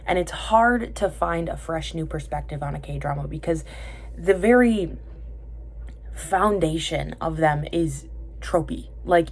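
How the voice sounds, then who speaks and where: Young woman, low-pitched, rambling casual vlog, filler-heavy, self-correcting. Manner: chatty, tangent-prone, full of fillers and self-corrections. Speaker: vlogger reviewing TV dramas.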